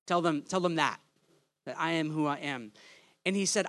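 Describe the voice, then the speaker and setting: A man's voice: on the high side, moderate pace, fairly bright tone. A man preaching a sermon in a conversational, humorous way, often checking in with the listeners by asking "right?".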